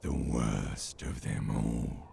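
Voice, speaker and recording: Give me a primal reptilian brain that rumbles at the very bottom of the range. It drawls each word out with crushing slowness, gravelly and rough as stone. It's a taunting, ominous presence from a video game. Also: male voice, steady tone, warm tone, exaggerated voice. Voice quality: deep gravelly rasp. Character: ancient reptilian brain, male, primal, menacing.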